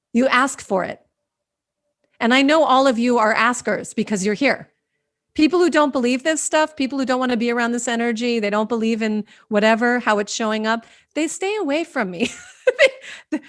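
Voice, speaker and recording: A woman with a slightly high voice tells a personal story to an online group. She is animated and expressive as she leads her circle, heard over a video call. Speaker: host and company founder.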